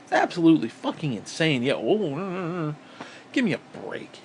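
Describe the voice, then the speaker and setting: A man's voice: fairly high pitch, big pitch swings, normal speed, a little hiss or hum. A man from upstate New York delivering an angry, profane, sarcastic political rant on his vlog. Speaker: vlogger.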